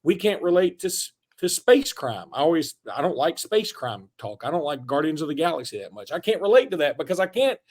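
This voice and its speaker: A man co-hosts a sports podcast in a casual, joking way and rambles through his points. His voice sits a little high. He slides from banter into sponsor reads without changing his relaxed manner. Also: brisk, hardly any pauses. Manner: loose, joking, rambling with fillers. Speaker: podcast co-host.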